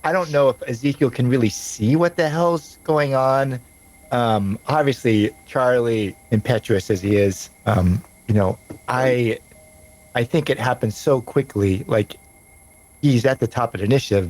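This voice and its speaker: A man narrating as game master of a tabletop game, rambling with frequent pauses and restarts. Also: medium pitch, a little mellow, poor audio.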